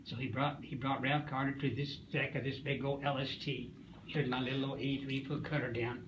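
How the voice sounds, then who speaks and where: A man's voice: mid-range voice, flat delivery, brisk, highs cut off, background noise. A man in his nineties from Missouri, a wartime Coast Guard veteran, telling his stories in an interview in a folksy, rambling way with hesitations. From Springfield, Missouri, USA. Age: 90s. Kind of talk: storytelling interview.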